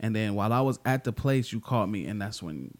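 A man's voice: on the low side, fast. A man casually joining a conversation, adding short remarks and his side of the story. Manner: relaxed, chimes in with short agreements. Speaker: partner joining the vlog. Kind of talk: casual chat.

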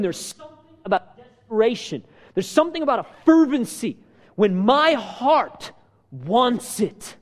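High lively preacher guy, big echoey hall, keeps asking questions. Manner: animated, rhetorical questions, acts out quotes. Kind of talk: sermon. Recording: long hall reverb.

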